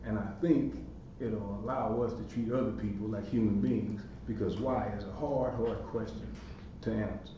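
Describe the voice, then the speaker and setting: A man in his forties hosting a podcast, telling a story in an animated way. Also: on the low side, normal speed, slight background noise. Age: 40s. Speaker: podcast host. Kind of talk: storytelling monologue. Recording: echoey room from far off, dull lo-fi sound.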